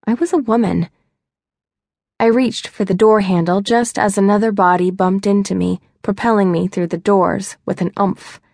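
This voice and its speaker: A woman's voice: medium pitch, steady tone, normal speed, gravelly, a little mellow, no room sound, clean studio sound. A young woman narrating a first-person romance audiobook in a wry, chatty, self-mocking way. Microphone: close studio mic.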